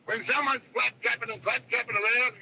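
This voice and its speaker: A man's voice: very high voice, fairly even intonation, brisk, creaky, sharp tone, a little hiss or hum, poor audio. A man with an Australian accent calling into talkback radio, rambling and calling the host mate. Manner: rambling, says mate a lot. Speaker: caller.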